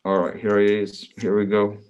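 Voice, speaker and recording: A man's voice: fairly low pitch, completely flat delivery, normal speed, a little mellow, dull audio, slight background noise. A man livestreaming in casual, rambling chat, often calling his viewers bro.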